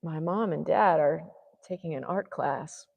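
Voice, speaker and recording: Woman artist, chatty and rambling as she paints, low voice with a lingering reverb. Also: unhurried, vocal fry, narrow, tinny audio. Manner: chatty, rambling, thinks aloud. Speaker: artist livestreaming a painting session. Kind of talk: casual chat while painting.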